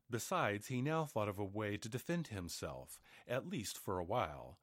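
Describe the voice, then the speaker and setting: Lively man reading a storybook. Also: on the low side, dry recording, studio quality. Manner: expressive, animated. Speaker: narrator.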